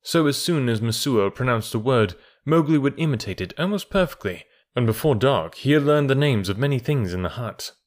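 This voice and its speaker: A man reading a classic storybook aloud in a calm, measured way. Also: medium pitch. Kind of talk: storybook narration.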